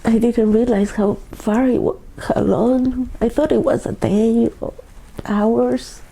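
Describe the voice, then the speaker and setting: A woman, a hypnosis client recounting memories in a halting, hushed, often whispered, trance-like way. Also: a little high, fairly even intonation, gravelly, low-quality recording. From Ecuador.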